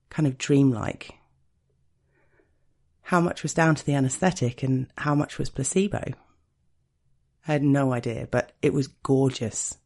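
A man reading a first-person erotic story in a slow, intimate, hushed way. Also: mid-range voice. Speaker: narrator.

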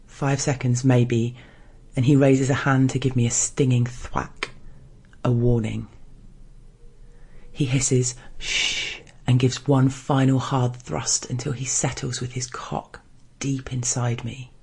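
A man reading an erotic first-person story in a hushed, measured narration. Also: medium pitch, level tone, vocal fry, husky.

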